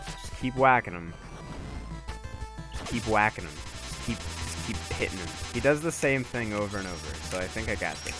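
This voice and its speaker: A man streaming a video game live, excitably talking himself through boss fights and swearing often. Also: fairly low pitch, moderate pace, over music. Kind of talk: live gameplay commentary.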